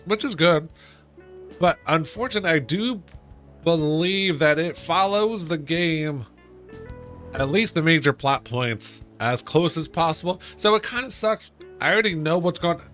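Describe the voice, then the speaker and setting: A male streamer chats casually over his gameplay in a bright, forceful voice with a slightly high pitch. He rambles, restarts his sentences and hums to himself. Faint game music plays underneath. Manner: rambling, with restarts and hummed filler.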